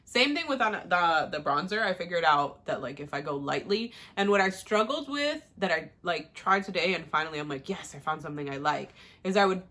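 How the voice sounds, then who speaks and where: A young woman giving a casual, rambling makeup tutorial at home, with lots of "like" and quick asides. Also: lowish voice, sing-song, pushed and bright. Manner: chatty, rambling, uses "like" a lot. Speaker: beauty vlogger.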